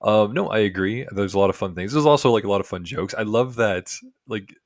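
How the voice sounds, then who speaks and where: A man's voice: lowish voice, a little fast, dry recording, clean studio sound. A man co-hosting a podcast, giving a rambling, casual episode review full of fillers and restarts. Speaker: podcast co-host.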